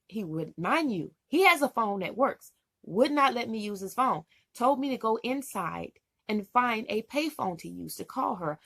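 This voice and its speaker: A woman's voice: mid-range voice, a bit bright, no echo, clean studio sound. A woman vlogger rambling through an emotional story in casual, chatty talk.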